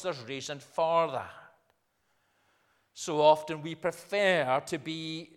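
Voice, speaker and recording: Older minister preaching in a reverberant church. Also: male voice, a little high, slow pace, smooth. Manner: conversational preaching, rising to emphatic points. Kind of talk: sermon.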